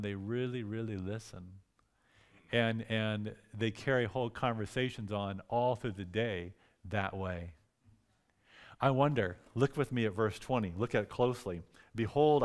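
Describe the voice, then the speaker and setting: A pastor preaching a revival sermon, telling stories with lively emphasis and acting out quoted lines softly. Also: male voice, medium pitch. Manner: animated, repeats words for emphasis, acts out quotes softly. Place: church sanctuary.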